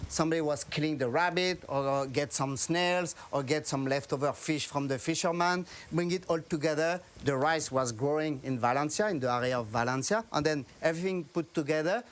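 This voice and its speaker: A man with a French accent, a chef, explaining a dish in halting English and pausing to find his words. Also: fairly high pitch. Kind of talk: cooking demonstration chat.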